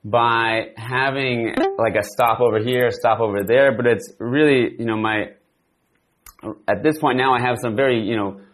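A man with a Canadian accent talks in an easygoing way while co-hosting an English lesson, working through a relaxed conversation game. His pitch is in a middle range, and he often pauses to think before going on.

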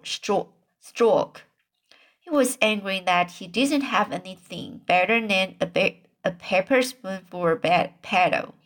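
A woman reading a children's book aloud, halting often and restarting stumbled words. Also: mid-range voice, a bit bright. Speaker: reader.

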